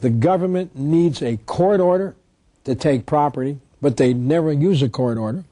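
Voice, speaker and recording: A man's voice: fairly high pitch, normal speed, warm tone, no room sound. A man giving an instructional talk, emphatic, asking rhetorical questions and answering them himself. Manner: reads statutes aloud. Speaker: tax protest lecturer.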